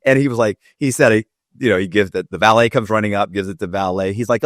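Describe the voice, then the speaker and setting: A man's voice: lowish voice, fast talker, dry recording, clean studio sound. A man telling a rambling story in casual podcast talk, with many fillers and restarts. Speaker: podcast guest.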